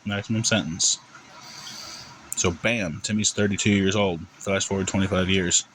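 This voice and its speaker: Low-voiced guy telling a long rambling joke, easy casual chat, faint room hum. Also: level tone, normal speed, a bit bright, poor audio. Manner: rambling, conversational storytelling. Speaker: joke teller.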